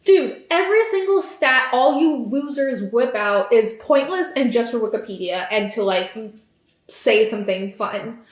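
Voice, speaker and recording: A woman's voice: fairly high pitch, animated, measured pace. Giggly, chatty young woman, echoey room. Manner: chatty, giggly, lots of fillers and likes. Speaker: podcast host. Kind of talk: casual chat.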